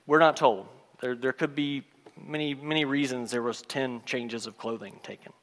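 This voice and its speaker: A man preaching a sermon, retelling a story and acting out its characters' lines in a lively storytelling manner. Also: mid-range voice, moderate pace, long reverb tail. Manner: storytelling, acts out voices of the characters.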